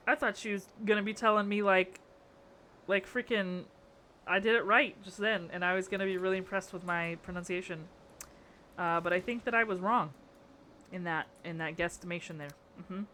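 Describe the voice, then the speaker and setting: A woman's voice: mid-range voice, pushed and bright, a little hiss or hum. A young woman streaming live, chatting casually with her chat while building in a game, playful and exasperated. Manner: playful, exasperated, reacting to chat with frequent laughter.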